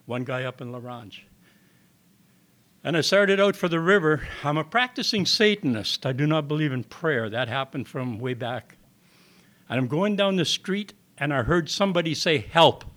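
A man's voice: a little high, expressive, normal speed, fairly bright tone. An older man telling a personal testimony to an audience in a meeting hall, with plain folksy storytelling and acted-out dialogue. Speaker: recovery meeting speaker.

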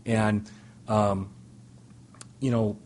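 A man's voice: lowish voice, level tone, drawn-out words, darkish tone, slight background noise. A middle-aged man telling a humorous personal story to a recovery meeting, self-deprecating and full of restarts and asides. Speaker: speaker sharing at a recovery meeting.

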